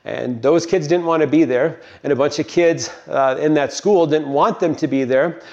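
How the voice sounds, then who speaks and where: An older man from Colorado gives a meandering, unhurried devotional talk and prayer, with frequent pauses. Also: fairly high pitch, darkish tone. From Colorado, United States. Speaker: Christian speaker. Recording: dull, lo-fi recording.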